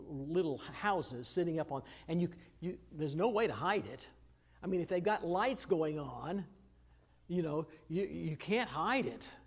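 A man preaching a verse-by-verse sermon. His voice sits a little high, and he talks in an easy, conversational way, full of "uh" and restarts. Now and then he leans hard on a phrase for emphasis. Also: a little mellow. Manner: conversational, many "uh" fillers and restarts; rises to emphatic stress on key phrases. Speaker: pastor. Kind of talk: expository sermon.

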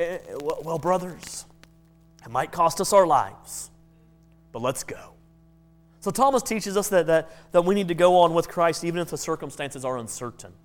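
Casual preacher, higher voice, stumbles and restarts, faint music behind. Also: male voice. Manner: conversational, stammering restarts. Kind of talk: sermon.

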